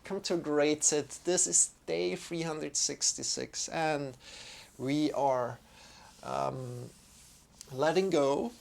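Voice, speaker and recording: A man teaching a live-streamed yoga class. He greets viewers by name and answers their chat comments in an unhurried way. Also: on the high side, gravelly, a little mellow. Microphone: streaming microphone.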